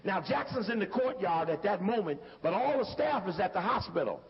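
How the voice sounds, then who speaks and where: A man's voice: high-pitched, sing-song, fairly quick. Emphatic man talking over video clips. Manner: emphatic, conversational, repeats himself. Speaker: lecturer. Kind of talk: commentary over video footage. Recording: dull recording from a hall with faint hiss.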